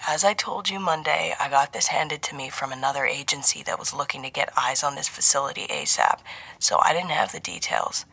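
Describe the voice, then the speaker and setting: A woman voicing a wry, fatherly male agency handler who speaks mildly and drops to a hush. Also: very deep voice, brisk, creaky, husky, dry recording, full character voice. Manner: mild, teasing, then hushed and serious.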